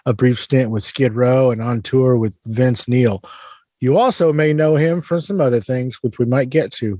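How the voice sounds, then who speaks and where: A man's voice: medium pitch, darkish tone, no echo. A man from San Antonio hosting a podcast, interviewing his guest in a playful, teasing way. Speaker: podcast host. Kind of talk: casual interview.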